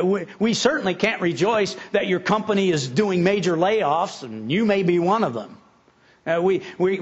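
A middle-aged man with a high voice, preaching a sermon in a homespun, conversational way. He often stumbles and repeats words as he starts his sentences. The recording sounds dull and muffled. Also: breathy edge. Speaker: pastor.

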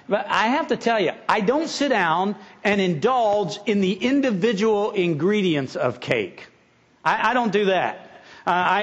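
A middle-aged man with a high voice, preaching a sermon in a homespun, conversational way. He often stumbles and repeats words as he starts his sentences. The recording sounds dull and muffled. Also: a bit bright. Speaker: pastor.

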